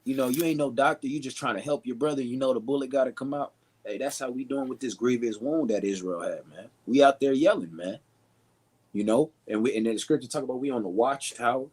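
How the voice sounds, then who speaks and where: A man preaching with passion who acts out quoted shouts, repeats phrases and keeps saying "you know" and "man.". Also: mid-range voice, quick pace, slightly rough. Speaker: fellow preacher. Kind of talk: impassioned street preaching.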